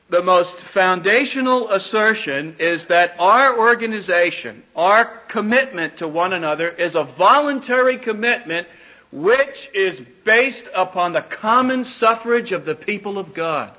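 A man teaching a church congregation, speaking deliberately, restarting phrases and putting questions to his listeners, on a dull lo-fi recording. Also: high-pitched, sharp tone. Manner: deliberate, repeats words, questions the audience. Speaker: pastor teaching a church class.

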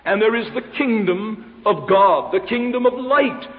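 A man preaching a formal, emphatic expository sermon in a church, quoting scripture with a measured cadence. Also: high-pitched, animated. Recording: dull lo-fi recording in a reverberant hall.

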